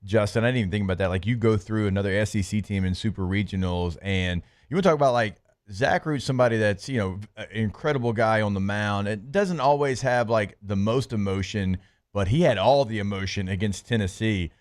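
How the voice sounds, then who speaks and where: An upbeat man hosting a sports talk radio show from a studio, his voice smooth and resonant. The sound is dry and close, and he chats quickly with plenty of fillers. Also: lowish voice, dry recording. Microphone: studio microphone.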